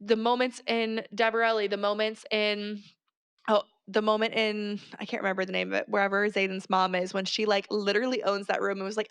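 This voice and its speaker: A woman co-hosting a podcast, talking casually and with animated, exasperated asides. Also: medium pitch, a little fast, smooth, dry recording. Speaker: podcast co-host. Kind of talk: casual book discussion.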